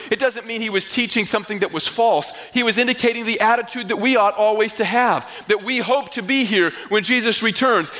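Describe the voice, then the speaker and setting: Pastor, male, from the Northeastern US, preaching with a high, bright voice and acting out little scenes; reverberant sanctuary sound. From Northeastern United States. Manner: animated storytelling with acted-out dialogue. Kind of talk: sermon.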